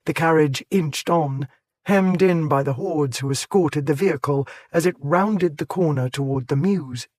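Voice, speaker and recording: A man narrating an audiobook in a measured, clear way. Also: fairly high pitch, darkish tone, no room sound. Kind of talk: scripted narration.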